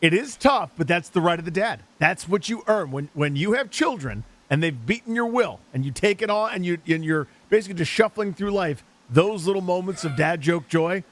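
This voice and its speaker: Male sports radio co-host, slightly high voice, animated and chatty. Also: brisk, hardly any pauses. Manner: chatty, riffing and teasing. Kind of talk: casual sports radio banter.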